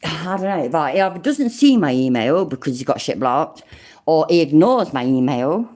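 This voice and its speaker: Woman, 40s, livestream host; low, warm, very lively pitch, blunt and sweary. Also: normal speed. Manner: swears a lot, exclaims loudly, reads chat aloud. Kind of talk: casual livestream chat.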